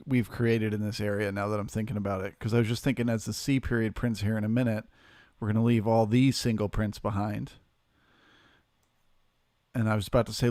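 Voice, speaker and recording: A man's voice: lowish voice, darkish tone, dry recording, studio quality. A man hosting a live trading stream, giving casual market commentary and thanking viewers in the chat. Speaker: livestream trading host.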